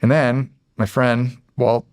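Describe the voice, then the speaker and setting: A man's voice: medium pitch, level tone, takes it slowly, darkish tone, clean tone, no echo, studio quality. A man from Pennsylvania, a guest on an interview show, telling stories casually with rambling restarts and frequent swearing. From Erie, Pennsylvania. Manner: rambling, profane, restarts phrases, acts out quoted dialogue. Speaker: guest, former Navy SEAL.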